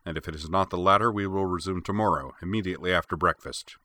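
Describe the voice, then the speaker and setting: A man's voice: sits low, quick pace, bright, forceful tone, no room sound. A man doing a growling stern warlord. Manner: growling, commanding. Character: big stern older male warlord, harsh teacher.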